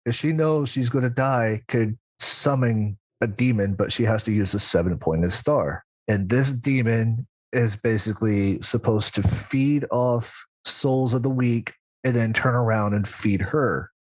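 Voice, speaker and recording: A man's voice: mid-range voice, unhurried, few pauses, no echo. Rambling man telling his story. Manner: rambling, with frequent asides and laughs. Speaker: practicing demonologist guest. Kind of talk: casual storytelling interview.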